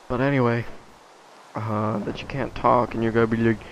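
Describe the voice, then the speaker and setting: A man's voice: medium pitch, steady tone, fairly quick, vocal fry, highs cut off, a little hiss or hum. A teenage boy chatting casually while playing a game, rambling with lots of fillers and trailing thoughts. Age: teens. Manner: rambling, many fillers, drifts off mid-thought. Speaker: gaming vlogger.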